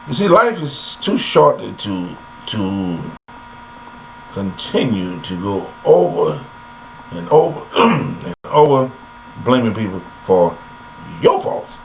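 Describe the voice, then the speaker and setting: A man's voice: on the low side, big pitch swings, slow pace, creaky, slight background noise, low-quality recording. An older man delivering a rambling, folksy philosophical monologue to listeners, recorded on a laptop webcam. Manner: folksy and preachy, addresses listeners directly. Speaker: vlogger.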